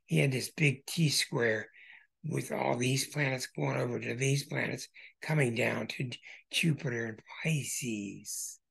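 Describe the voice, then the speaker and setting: A man hosting an astrology show who walks through birth charts in an emphatic way, with bursts of excitement. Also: mid-range voice, unhurried, creaky, breathy edge.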